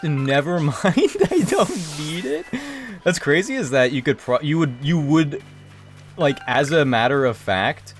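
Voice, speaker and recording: A man live-streams a video game, chatting casually with his viewers and letting out high, excited yelps whenever something happens in the game.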